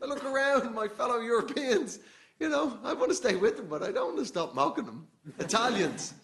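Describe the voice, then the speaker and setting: Animated Irish stand-up comedian. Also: male voice, extremely high pitch, fairly quick. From Ireland. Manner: excitable, animated rants. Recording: noisy live venue recording.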